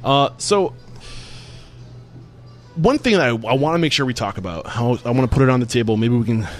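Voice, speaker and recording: Fast-talking male interview host. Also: mid-range voice, faint music behind. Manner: energetic, affirming, asks long winding questions. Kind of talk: conversational podcast interview.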